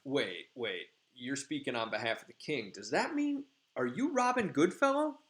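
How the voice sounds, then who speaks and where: A man voicing an excitable fairy fan who gushes in a high, breathless voice. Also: normal speed, close to an everyday voice. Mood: starstruck. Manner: breathless, gushing, high-pitched.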